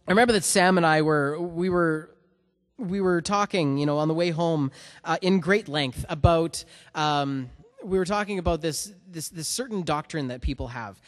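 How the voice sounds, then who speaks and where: A man, a worship musician giving a personal testimony before a song, talking earnestly with many restarts. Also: high voice.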